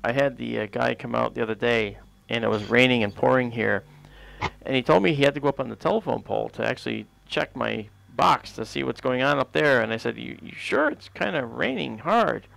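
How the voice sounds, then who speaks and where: A man hosts a late-night astronomy livestream in a chatty, rambling way, full of fillers as he explains. His voice has a gravelly texture and sits at a middle pitch. The sound is dry and close. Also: brisk, fairly bright tone, no echo, rough recording. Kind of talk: casual live-stream talk. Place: outdoors at night by a telescope.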